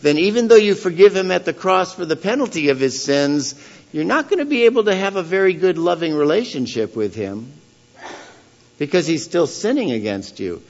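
A man giving a sermon as pastor, earnest and questioning the congregation, swelling to loud emphasis on key points. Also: high-pitched, big pitch swings, moderate pace, highs cut off. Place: church.

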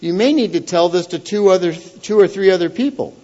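A man giving a sermon as pastor, earnest and questioning the congregation, swelling to loud emphasis on key points. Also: high voice, brisk, highs cut off. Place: church.

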